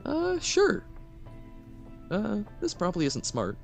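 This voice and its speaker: A wry, sheepish young cat woman, as a man puts her on with a lifted, lively voice. She sounds dry and a little sardonic. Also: high-pitched, takes it slowly, vocal fry, faint music behind, pitched above the performer's own voice, exaggerated voice. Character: wry young female cat, college dropout.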